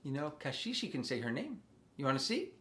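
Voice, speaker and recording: A man hosting a children's music lesson, speaking slowly and simply to small children and asking them questions. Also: on the high side, very animated. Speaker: children's music teacher and host. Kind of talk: children's sing-along lesson. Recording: loud background noise.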